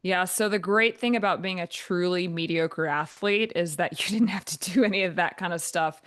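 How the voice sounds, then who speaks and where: Low, monotone woman telling stories. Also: normal speed. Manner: talks in long flowing answers with many fillers. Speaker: guest, volleyball coach. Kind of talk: podcast interview.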